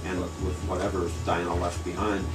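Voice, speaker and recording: A man's voice: low voice, little pitch movement, moderate pace, distant mic, over music, low-quality recording. A man casually telling a rambling, laughing story to friends, with some swearing.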